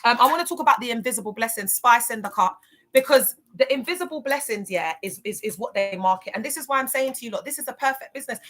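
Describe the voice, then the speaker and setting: A woman talks to her live-stream viewers in a bright, forward voice. She is outspoken and emphatic, full of street slang and quick endearments like babe and my love. Her talk is loose and chatty, and she reads the comments as they come in. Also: a little high, soft background music. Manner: lively, slangy, talks straight to the chat with endearments.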